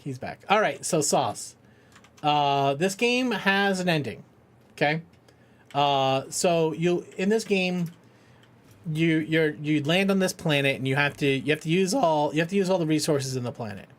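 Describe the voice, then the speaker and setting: A middle-aged man streaming a game for charity, chatting casually, joking, swearing and often laughing. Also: on the high side. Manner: rambling, jokey, swears freely, laughs often. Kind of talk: casual live-stream chat.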